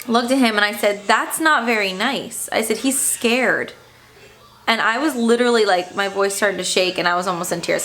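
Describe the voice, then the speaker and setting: Uma mãe jovem que narra num vlog casual uma ida difícil ao dentista, em tom indignado e aflito, com muitas hesitações. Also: female voice, medium pitch, a bit bright. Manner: upset, indignant retelling with fillers. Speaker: stay-at-home mom vlogger.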